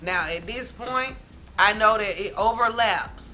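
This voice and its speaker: Animated, bright-voiced woman telling a story. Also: mid-range voice, a little slow, faint music behind. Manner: animated, dramatic, talks straight to viewers as "y'all". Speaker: vlogger, storyteller. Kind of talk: casual storytime to camera.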